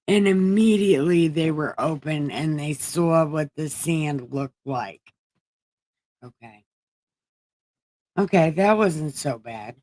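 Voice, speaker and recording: A woman with a low, unhurried voice reads scripture on her livestream as irreverent casual chat. She swears freely and cracks wise between verses. The sound is close and dry. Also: expressive, a little mellow, no room sound. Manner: profane, wisecracking paraphrase. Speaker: livestream host. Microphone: home streaming setup.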